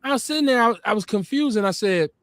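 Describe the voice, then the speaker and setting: A man's voice: high voice, fast, dry recording. Emphatic male podcast host, dry close sound. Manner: animated storytelling, emphatic. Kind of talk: casual debate talk.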